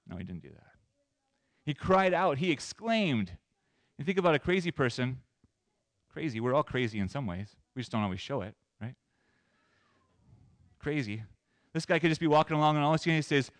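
Animated man preaching a sermon. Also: fairly high pitch, normal speed, long pauses, dry recording. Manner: animated, shifts between loud emphasis and soft asides. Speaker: pastor.

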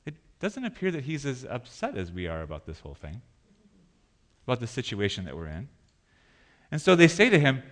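A man preaching a sermon as pastor in a church, animated, acting out panicked voices. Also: mid-range voice, fairly quick.

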